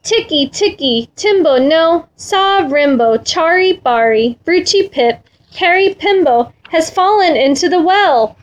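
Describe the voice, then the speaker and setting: A woman's voice: sits high, unhurried, highs cut off. A woman voicing a frantic little boy in a storybook, breathless and pleading as he stumbles over a long name.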